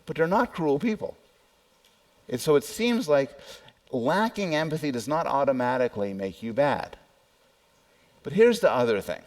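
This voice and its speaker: A man's voice: medium pitch, animated, normal speed, pauses often, darkish tone. A man who is a psychology professor, giving a conversational public lecture that poses questions to the audience and adds personal asides.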